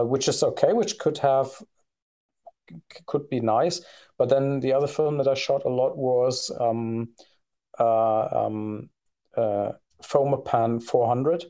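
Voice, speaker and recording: Hesitant man with a mellow voice. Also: medium pitch. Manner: hesitant, many fillers and restarts. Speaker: podcast co-host. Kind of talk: casual conversation.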